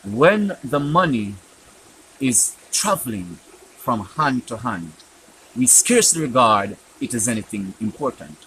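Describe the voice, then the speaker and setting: A man from Jamaica, host of a spiritual teaching program, telling stories and acting out dialogue with sharp jumps in his pitch. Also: big pitch swings, a little slow, slight background noise, rough recording.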